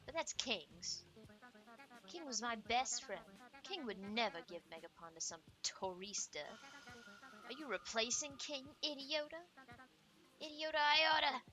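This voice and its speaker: Game role: woman playing a fiery, grieving sidekick, high and shouty. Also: animated, a little fast, hardly any pauses, poor audio. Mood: indignant. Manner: indignant, loud outbursts. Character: hot-tempered grieving female game sidekick. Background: game music.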